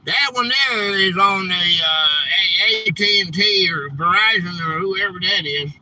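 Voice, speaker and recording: A man hosts a casual live stream in a high, bright voice. He talks slowly and rambles, gets worked up when things break, and tacks "man" onto his sentences. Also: rough recording. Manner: rambling, easily frustrated, says "man" often.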